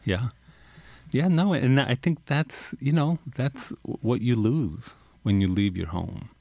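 A man's voice: mid-range voice, slow pace, vocal fry, warm tone, no room sound. A male author reading from his book, then talking reflectively in an interview with many restarts. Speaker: author, guest. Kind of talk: reading aloud and interview talk.

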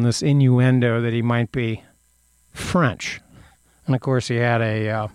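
A man giving casual spoken commentary on current events, halting often with fillers and restarts. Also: mid-range voice, clear, resonant tone, no room sound. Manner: reads news items aloud.

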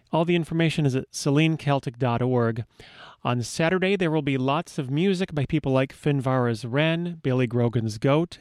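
A man's voice: medium pitch, a little mellow, no room sound, clean studio sound. A man hosting a radio show, with a playful, wry delivery. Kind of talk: scripted radio talk.

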